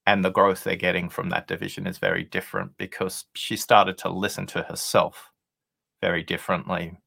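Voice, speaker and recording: A man being interviewed as a podcast guest, telling a workplace anecdote in a deliberate, conversational way with pauses for effect. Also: low-pitched, little pitch movement, creaky, bright, forceful tone. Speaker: podcast guest, listening expert.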